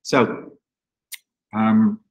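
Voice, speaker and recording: A man's voice: on the low side, flat delivery, drawn-out words, a little mellow, lo-fi sound. Joking man hosting a reading. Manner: joking, wry asides. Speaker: organizer hosting a play reading. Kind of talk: casual live introduction. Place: room with a small live audience.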